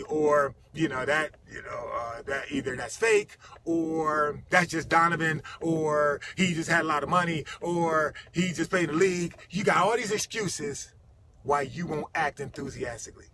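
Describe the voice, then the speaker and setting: A middle-aged man giving an energetic, emphatic motivational talk in a vlog, repeating his key phrases. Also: on the high side, moderate pace, background noise. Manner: energetic, emphatic, repetitive preaching. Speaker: motivational speaker.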